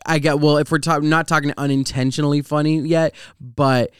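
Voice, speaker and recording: A man's voice: on the high side, level tone, brisk, clean tone, no room sound, studio quality. A man co-hosting a podcast in casual chat, laid-back and profane, often laughing as he talks. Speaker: podcast co-host.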